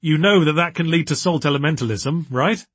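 A nervous young woman speaks up in a higher, strained voice, as a male narrator puts her on. Her lines come out tense and earnest, with a slightly husky edge in a dry, close recording. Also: fairly quick, fairly bright tone, dry recording. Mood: anxious. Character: nervous young woman, anxious but determined.

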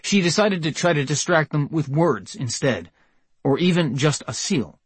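Husky male audiobook narrator. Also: fairly high pitch, expressive, moderate pace, dry recording.

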